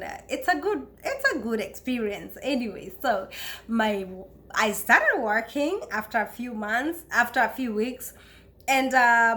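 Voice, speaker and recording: A woman from Kenya with a Kenyan accent, telling stories about her life abroad in a chatty, expressive way and often breaking into laughter. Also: fairly high pitch. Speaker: vlogger. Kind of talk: casual storytelling to camera.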